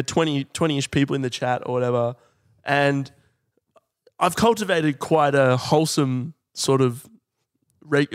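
A musician telling rambling stories with frequent chuckles in a casual podcast chat. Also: male voice, mid-range voice, no room sound, clean studio sound.

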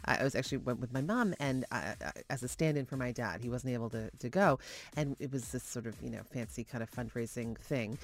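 A woman with a Canadian accent co-hosting a morning radio show, chatty and quick to laugh. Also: extremely low pitch. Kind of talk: casual morning radio banter.

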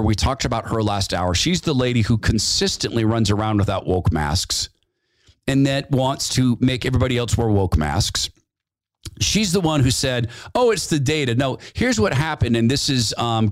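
A man's voice: medium pitch, no room sound. A man hosting a talk radio show, delivering a sarcastic, mocking opinion monologue and laughing at his own jabs.

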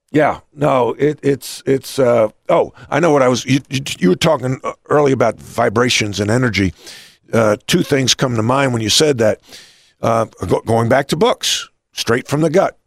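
Man, interview host, gravelly, rambling anecdotes, dry close mic. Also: medium pitch, a little slow, no echo. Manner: rambling, restarts, animated anecdotes. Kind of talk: casual interview talk.

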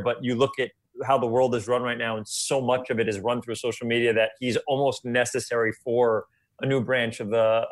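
Male actor from New York, interview guest, joking and self-deprecating. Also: mid-range voice. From New York, USA. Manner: quick, laughing, self-deprecating. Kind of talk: casual interview chat.

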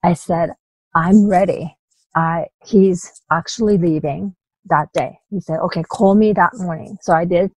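A woman telling her personal story as a guest in an interview, in halting bursts with many restarts, asides and small laughs. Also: lowish voice, a little mellow, no room sound, low-quality recording. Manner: halting retelling with frequent restarts, "you know" and light laughs.

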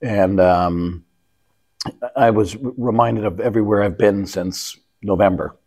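A man's voice: lowish voice, unhurried, darkish tone. A man from Canada co-hosting a travel podcast, talking casually and rambling about his recent trips. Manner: rambling, restarts often, travel anecdotes. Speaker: podcast co-host. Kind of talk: casual chat.

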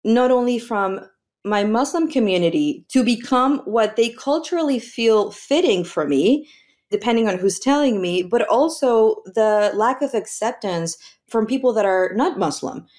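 A woman from Mexico, a makeup artist guest, telling her story in a lively, conversational way, acting out dialogue and often laughing. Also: a little high, normal speed. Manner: animated, acts out quoted dialogue, laughs often.

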